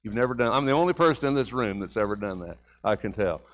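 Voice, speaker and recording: A middle-aged man with a fairly low, animated voice preaches at a quick pace in a church sanctuary. His conversational sermon is folksy, with rhetorical questions, a personal story and words he repeats, though the audio is poor.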